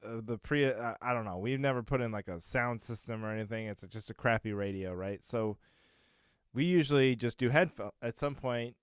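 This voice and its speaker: Smooth-voiced man chatting casually. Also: medium pitch, brisk, no room sound, clean studio sound. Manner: rambling, chuckling, lots of fillers. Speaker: podcast co-host. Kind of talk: casual chat.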